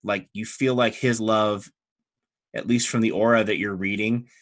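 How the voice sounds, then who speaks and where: A man narrating as game master of a tabletop game, chatty and relaxed, with frequent fillers. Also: on the low side, normal speed.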